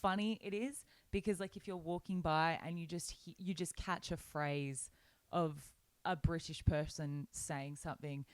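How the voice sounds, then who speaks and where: A woman's voice: sits low, steady tone, normal speed, dry recording. A young woman co-hosting a casual podcast, telling stories in a bubbly way with plenty of likes and ums, talking from a small hotel room. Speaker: podcast co-host. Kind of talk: casual chat.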